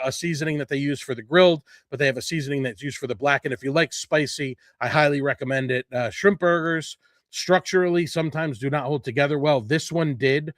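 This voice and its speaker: A man of middle pitch chats through a food event update in a loose, unscripted way. He fills the gaps with ums and corrects himself as he goes. The sound is dry and close, with no room around it. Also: a bit bright, no room sound. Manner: rambling, filler-heavy, self-correcting. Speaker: food blogger host. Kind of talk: casual update to followers. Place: his home.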